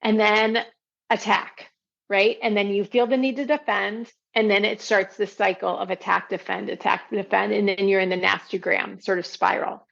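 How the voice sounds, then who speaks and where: A woman's voice: mid-range voice, little pitch movement, normal speed, vocal fry, fairly bright tone, highs cut off. A woman hosting a podcast, teaching listeners in a conversational way and checking in often with "right?" as she explains. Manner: explains step by step with frequent "right?" asides. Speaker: podcast host and parenting coach.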